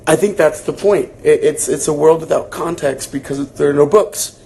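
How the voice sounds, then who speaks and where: A man's voice: on the high side, normal speed, creaky, slightly rough. A young man hosting a casual livestream book club, chatting loosely with lots of fillers and reading out viewer comments. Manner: chatty, relaxed, filler-heavy, reacting to comments.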